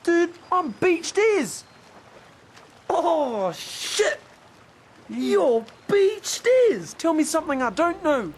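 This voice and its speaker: A man voicing a slow, laid-back stranded male whale in a cartoon, with a drawling manner. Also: very high voice, very animated, full character voice. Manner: drawling, repeats "bro". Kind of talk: cartoon voice acting.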